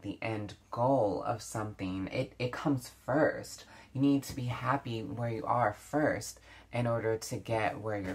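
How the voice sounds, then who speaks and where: A woman's voice: extremely low pitch, husky. A woman beauty vlogger chatting casually while doing her makeup, reflective, with many fillers and restarts. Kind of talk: casual get-ready-with-me chat.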